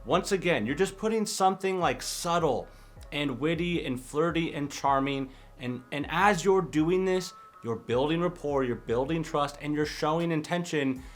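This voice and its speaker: A young man, a dating coach, talking casually to camera in an advice vlog and slipping in quick acted example lines. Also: a little high, faint music behind. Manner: conversational, acts out example lines in quick asides.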